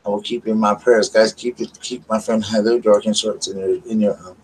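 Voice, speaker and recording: A man's voice: on the low side, level tone, brisk, noisy background. A man hosting a casual live chat from his bedroom, affectionately greeting viewers by name and talking about his day. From US South. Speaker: channel host. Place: bedroom at home.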